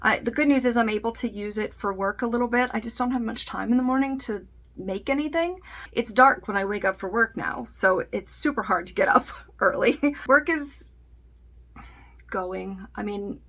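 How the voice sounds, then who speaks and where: Chatty woman beauty vlogger, fairly high voice. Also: moderate pace, a bit bright. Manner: chatty, self-deprecating, trails off with fillers. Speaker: beauty YouTuber. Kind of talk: casual makeup vlog with bloopers.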